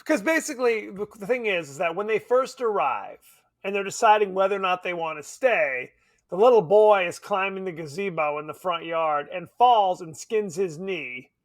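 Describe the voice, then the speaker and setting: A man co-hosting a podcast in casual chat, animated, laughing often and swearing casually. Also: high voice, moderate pace. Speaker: podcast co-host. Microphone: remote podcast mic.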